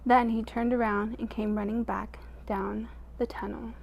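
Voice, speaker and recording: Expressive woman reading a storybook aloud. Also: a little high, unhurried, creaky, a little hiss or hum. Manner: expressive, drops to a hush at quiet moments. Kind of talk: reading a picture book aloud to children.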